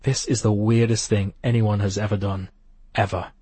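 A man's voice: lowish voice, level tone, moderate pace, mellow, husky, no room sound. A man reading an audiobook, voicing a playful, slightly nervous young woman in a light, teasing way. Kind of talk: audiobook character voice.

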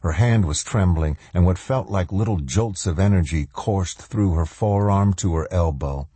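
A man narrating a novel as an audiobook reader in an even, measured way. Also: sits low, slightly rough, no room sound. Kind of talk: scripted narration.

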